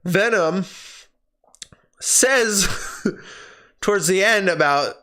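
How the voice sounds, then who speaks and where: Animated, bright-voiced ranting man. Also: on the high side, normal speed. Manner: ranting and exasperated, swears freely. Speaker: movie reviewer and streamer. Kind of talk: casual spoken film review. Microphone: personal streaming microphone.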